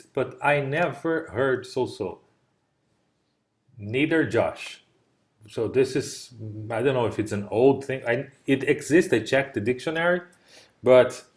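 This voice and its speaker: Male tutor on a video call. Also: medium pitch. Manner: explains patiently with examples, checks understanding. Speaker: English tutor. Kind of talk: online English lesson.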